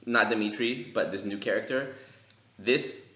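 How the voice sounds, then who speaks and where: Low-voiced man telling stories in a roomy space. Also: moderate pace. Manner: animated, profane, slangy storytelling. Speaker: podcast co-host. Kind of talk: casual chat, storytelling.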